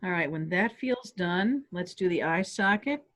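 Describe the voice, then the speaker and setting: A woman calmly guiding listeners step by step through a stress relief tapping exercise on a video call. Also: on the low side, normal speed. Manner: calm step-by-step coaching. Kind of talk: guided tapping exercise instruction. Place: home office on a webinar.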